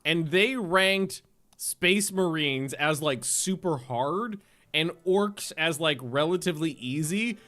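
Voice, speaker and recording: A male streamer chats loosely from home while playing a game, with rambling, profane and excitable talk. His voice sits a touch high for a man. Faint music plays underneath. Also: slow. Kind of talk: casual chat while livestreaming a game.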